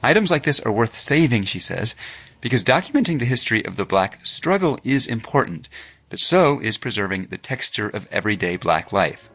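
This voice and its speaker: Low-voiced male radio news reporter. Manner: measured, even storytelling delivery. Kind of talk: scripted news narration.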